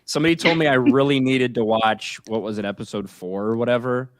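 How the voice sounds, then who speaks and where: A man's voice: medium pitch, brisk, a bit bright, no echo. A man guesting on a podcast in casual chat, rambling and emphatic with many restarts.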